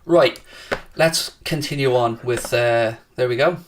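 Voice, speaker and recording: A man hosting a football watchalong stream, reading viewer comments aloud and taunting rival fans with brash, profane banter that flares into shouting. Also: medium pitch, unhurried, far from the mic, a little hiss or hum. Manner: excitable, shouting at times. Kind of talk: casual live-stream chat, reading and answering viewer comments.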